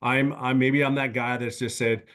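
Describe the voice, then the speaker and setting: A man in his fifties tells his story with earnest conviction, often stopping and restarting his sentences. His voice sits at an ordinary middle pitch. He speaks over a video call. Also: flat delivery, moderate pace, fairly bright tone. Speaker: webinar guest speaker. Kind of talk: personal testimonial talk.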